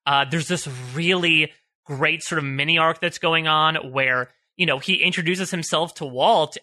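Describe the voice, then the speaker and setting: A man's voice: fairly high pitch, fairly even intonation, normal speed, sharp tone. A man co-hosting a podcast, choked up and tearful, talking through a TV scene in an emotional, searching way. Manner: emotional, searching, restarts phrases. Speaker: podcast co-host. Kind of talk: casual discussion of a TV show.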